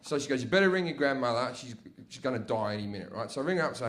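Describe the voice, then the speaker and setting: A man's voice: racing, few pauses. A young man doing a crude, swearing stand-up comedy set on a club stage. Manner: crude, swearing, loud jumps in pitch and volume.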